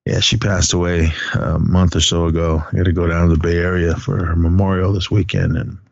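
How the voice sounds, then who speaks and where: A man's voice: low voice, flat delivery, brisk, creaky, no room sound, dull audio. A man co-hosting a podcast, chatting casually about a movie and his school days, rambling and laughing often. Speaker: podcast co-host.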